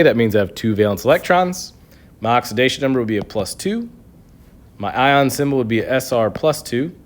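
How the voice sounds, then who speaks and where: A man teaching a chemistry review lesson, explaining step by step with a patient manner and frequent checks of "okay". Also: mid-range voice. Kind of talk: recorded classroom review lesson.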